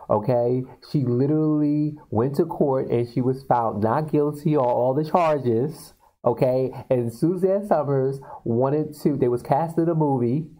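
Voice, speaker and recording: A man casually retelling film scenes to viewers on his video channel, talking in an animated way with many fillers. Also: mid-range voice, low-quality recording. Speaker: video blogger. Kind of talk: casual storytelling.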